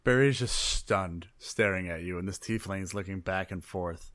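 A man narrating as game master of a tabletop game, with dry deadpan asides. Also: deep voice, moderate pace, no room sound.

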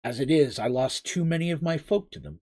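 A man's voice: fairly high pitch, brisk, a little mellow, lightly acted. A man reading a letter as a proud, earnest gully king writing to old friends, in a storybook reading. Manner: earnest, letter read in a plain voice.

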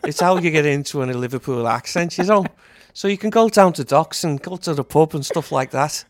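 A man's voice: fairly high pitch, a little fast, no echo. A man with a London accent co-hosting a casual film podcast, playful and fond of putting on regional voices. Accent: London English. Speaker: podcast co-host.

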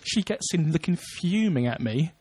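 A young man co-hosting a podcast speaks at normal speed in a fairly high, animated voice with a darkish, slightly rough tone. He talks casually, telling meandering stories and laughing a lot.

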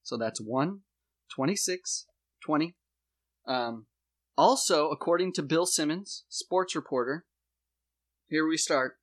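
A man hosting a comedy podcast, laying out a mock conspiracy theory in a deadpan voice with dramatic emphasis. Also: fairly high pitch, slow, pauses often.

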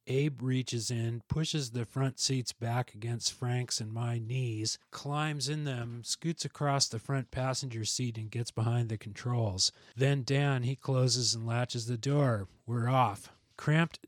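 A man reads a book passage aloud at a slow, unhurried pace, weighing each phrase. The sound is close and dry, with no room around it. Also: medium pitch, no echo. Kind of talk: reading a book chapter aloud.

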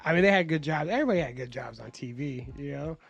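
A man from South Bay, California, a comedian guest telling profane, animated stories in a casual podcast chat. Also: a little high, quick pace, creaky, slightly rough, dry recording, muffled recording, faint music behind.

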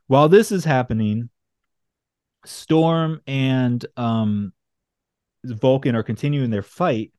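A man's voice: mid-range voice, slow pace, pauses often, a little mellow, no room sound, studio quality. A man casually recapping a comic book on a podcast, rambling and swearing as he jokes through the story. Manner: rambling, profane, jokey storytelling. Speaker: podcast host.

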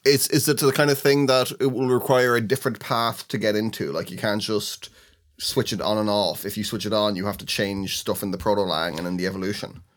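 A man's voice: lowish voice, steady tone, brisk. A man co-hosting a casual podcast discussion who answers in brief, thoughtful replies. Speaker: podcast co-host.

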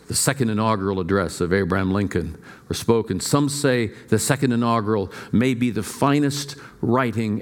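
Low-voiced man preaching a sermon. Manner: storytelling with playful asides and varied emphasis. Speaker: pastor.

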